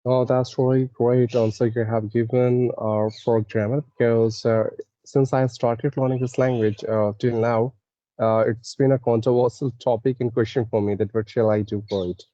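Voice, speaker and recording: A man asking interview questions politely, pausing often. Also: mid-range voice, flat delivery, dark tone, no room sound, highs cut off. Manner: hesitant, many "uh" pauses, polite.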